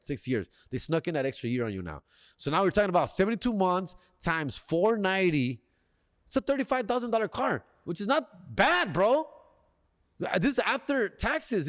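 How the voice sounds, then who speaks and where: A man tells a casual, comedic story on his podcast, mixing in Spanish slang and quick impressions of the salesmen. His voice sits a little high for a man and sounds dry and close to the mic, with no room sound. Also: no echo.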